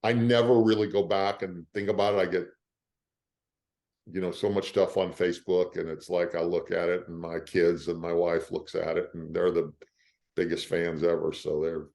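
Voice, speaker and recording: Low-voiced older man telling lively stories. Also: normal speed, vocal fry. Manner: animated storyteller who acts out the quoted lines of others. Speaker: actor, interview guest. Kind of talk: casual interview storytelling.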